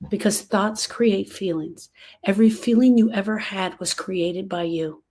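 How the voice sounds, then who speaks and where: The audio is poor, but her medium-pitched voice sounds warm and moves at a measured pace. This woman, a grief coach who hosts a podcast, coaches viewers on coping tools to camera and repeats important phrases for emphasis.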